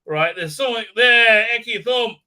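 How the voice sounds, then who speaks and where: A man's voice: extremely high pitch, moderate pace, sharp tone. A man hosting his own channel, recapping an episode in a mocking rant. He fills his talk with "uh, uh" and keeps asking "right?", and mimics the characters in exaggerated voices. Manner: heavy "uh, uh" fillers and repeated "right?". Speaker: channel host.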